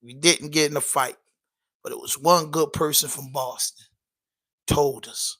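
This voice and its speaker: Male podcast host, loose and emphatic, with a sharp, somewhat high voice. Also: steady tone, measured pace, long pauses, rough recording. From Baltimore. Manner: loose, emphatic, peppered with "you know what I'm saying". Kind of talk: casual livestream chat.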